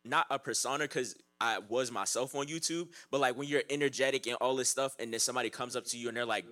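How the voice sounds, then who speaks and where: A man co-hosting a podcast in relaxed, affirming conversation. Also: medium pitch, fast, hardly any pauses. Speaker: podcast co-host. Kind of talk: casual podcast chat.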